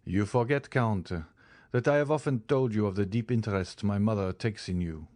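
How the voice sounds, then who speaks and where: A man voicing an eager, earnest young nobleman in an audiobook, speaking in an earnest, warm-hearted way. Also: on the low side, normal speed, dry recording, studio quality, lightly acted. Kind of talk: audiobook character reading.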